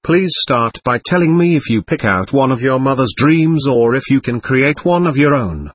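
A man reading the part of a gentle male therapist who asks questions in a soft, probing way. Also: mid-range voice, animated, normal speed, husky, no echo, clean studio sound.

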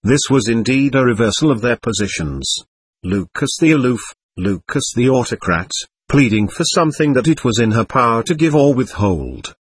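A man narrating an audiobook in a measured, expressive way. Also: medium pitch, husky, no echo.

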